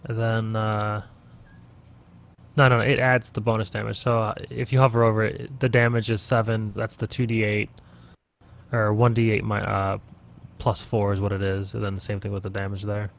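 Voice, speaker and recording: A man's voice: lowish voice, flat delivery, normal speed, vocal fry. A man running a tabletop game as game master over voice chat, explaining the rules step by step.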